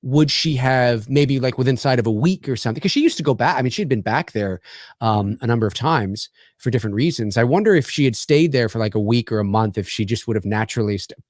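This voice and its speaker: A man's voice: medium pitch, lively intonation, fast, no room sound, clean studio sound. A Canadian man in his forties, hosting a casual chat and rambling through stories with many restarts. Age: 40s. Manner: rambling, many restarts and "you know what I mean". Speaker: podcast host.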